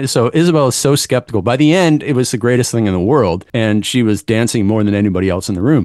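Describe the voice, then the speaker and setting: A man's voice: medium pitch, fairly quick, a little mellow, no echo, studio quality. Blunt, emphatic male business coach. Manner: emphatic and blunt, with dismissive asides. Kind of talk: motivational coaching monologue.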